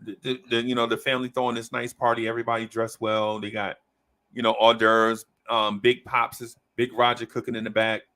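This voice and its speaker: A man who hosts a podcast talks fairly quickly in a mid-range voice while telling a long, casual story. He animates it by playing the people in it and acting out what they said.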